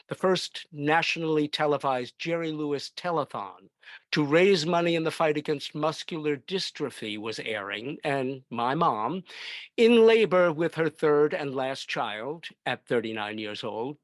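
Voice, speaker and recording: A man's voice: fairly high pitch, no room sound. A man in his seventies from Brooklyn, telling a personal story with wry comic asides and dry punchlines. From Brooklyn, New York. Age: 70s.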